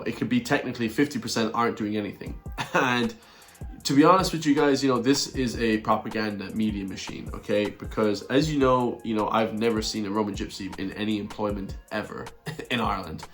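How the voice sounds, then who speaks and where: A man's voice: on the low side, fairly bright tone. A man doing a blunt, repetitive rant in a video commentary, chuckling between his points. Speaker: online commentator.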